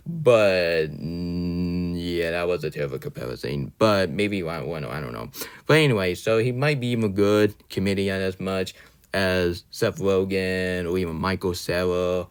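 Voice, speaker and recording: Deep-voiced guy ranting casually about movies, keeps stopping to correct himself. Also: smooth. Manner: rambling, often corrects himself with "sorry"; opinionated, ranting at times. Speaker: film reviewer. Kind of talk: casual spoken movie review.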